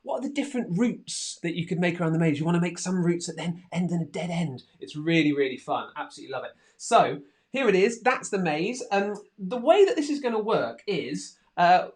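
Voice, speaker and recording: A man's voice: sits high, brisk. A man co-hosting a children's craft and games show, giving cheerful, encouraging commentary. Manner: lively, encouraging, excitable commentary. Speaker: co-host. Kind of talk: playful kids' craft show chat.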